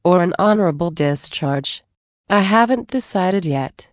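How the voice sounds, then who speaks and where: A dry-witted male officer teases his friends, as a woman reads him. The delivery sits low and unhurried. The sound is close and dry, with no room around it. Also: expressive, dry recording. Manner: wry, teasing.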